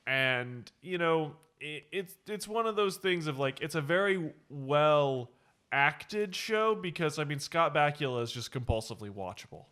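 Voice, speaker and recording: A man with a bright, pushy voice talks through a casual podcast chat. He rambles, restarts his thoughts and chuckles along the way. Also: fairly high pitch, animated, measured pace, clear, resonant tone. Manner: rambling, self-correcting, laughs often. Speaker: podcast co-host.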